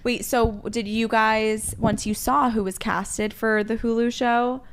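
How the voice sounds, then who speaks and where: A woman's voice: fairly high pitch, steady tone, measured pace, clean tone. A woman guest on a podcast, chiming in agreeably in casual chat.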